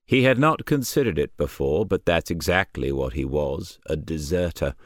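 Deep guy narrating an audiobook, dry close sound, steady pace. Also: no echo. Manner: measured, even storytelling. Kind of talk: scripted narration.

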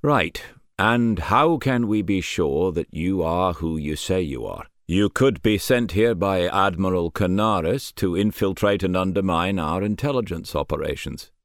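Shrewd old army colonel voiced by a man, deep dry questioning, audiobook. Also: lively intonation, unhurried, dry recording. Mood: probing. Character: shrewd rotund male British colonel in his sixties.

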